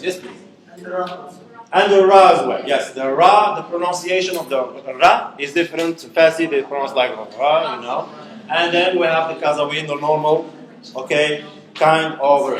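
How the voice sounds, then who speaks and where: A male university lecturer, giving a classroom lecture, questioning students and saying "okay" often. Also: fairly high pitch. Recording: echoey classroom.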